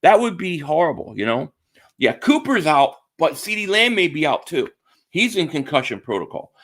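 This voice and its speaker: Chatty high-voiced man streaming sports talk. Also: big pitch swings, moderate pace, fairly bright tone. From Philadelphia area. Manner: chatty, repeats himself, reads chat names aloud. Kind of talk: casual live-stream chat.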